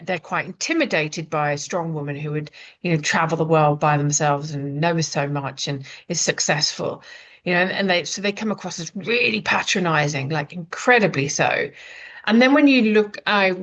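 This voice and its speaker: A woman from Britain, an author and writing coach, talking casually and rambling with many fillers and restarts. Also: medium pitch. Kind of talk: casual spoken talk. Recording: dull lo-fi sound.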